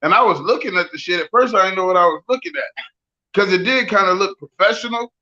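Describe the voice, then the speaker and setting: A bright, high-pitched man in his forties trades profane, joking stories in loose podcast banter. The sound is a little dull and lo-fi. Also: fast talker. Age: 40s. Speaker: podcast co-host.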